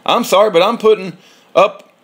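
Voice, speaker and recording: A man's voice: sits high, moderate pace, fairly bright tone. A man reading a transcript aloud in a heated, profane rant, breaking into short laughs.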